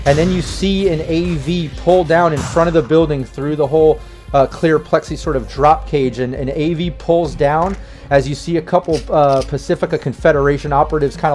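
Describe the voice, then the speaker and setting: A man's voice: fairly high pitch, a little mellow. A man running a tabletop game as game master, narrating in a rambling way with many fillers and restarts.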